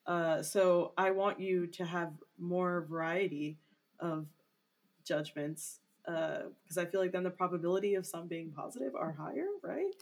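A woman's voice: fairly low pitch, unhurried. A young woman co-hosting a casual podcast, rambling with lots of "like" fillers. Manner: rambling, heavy use of "like" fillers. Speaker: podcast co-host. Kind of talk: casual chat.

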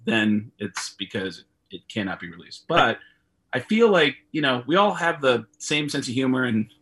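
A middle-aged comedian telling a profane, animated story as a guest over a video call, laughing often. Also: male voice, medium pitch, normal speed, slightly rough. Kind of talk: casual storytelling.

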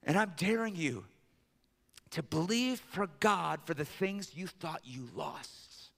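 High-voiced pastor preaching in a big hall. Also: male voice, lively intonation, takes it slowly, gravelly. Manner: builds to loud emphatic peaks, then drops low and intimate. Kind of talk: sermon.

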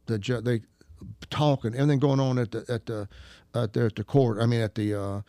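A man's voice: mid-range voice, a little fast, dry recording, studio quality. A man casually telling a story, acting out the people in it and laughing often. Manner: animated, acts out quoted voices, laughs often. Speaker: guest storyteller.

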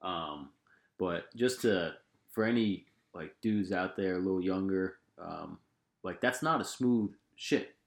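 Casting: young male podcast host, low voice, easygoing chat, echoey room. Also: takes it slowly, creaky. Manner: laid-back, many fillers and restarts. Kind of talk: casual conversation.

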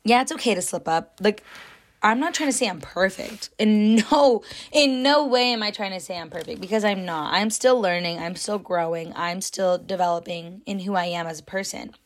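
A woman's voice: mid-range voice, normal speed. A young woman talking to her viewers in a casual, reflective vlog, earnest and full of fillers like "like" and "you know". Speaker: vlogger.

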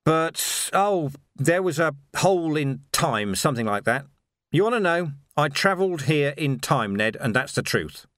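Gruff worn-out watch commander guy, man doing it, blunt and fed up, lots of ups and downs. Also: a little high, big pitch swings, measured pace, fairly bright tone, dry recording, clean studio sound, pitched above the performer's own voice. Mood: urgent. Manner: blunt, exasperated. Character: bloodied weary gruff male watch commander.

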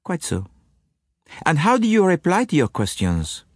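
A man doing a fussy, vain little detective, his voice lifted well above the reader's own, with a distant, altered timbre. He picks his words with fastidious precision. The swing of his pitch is wide and lively. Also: no echo, studio quality. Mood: absorbed. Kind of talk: audiobook character voice.

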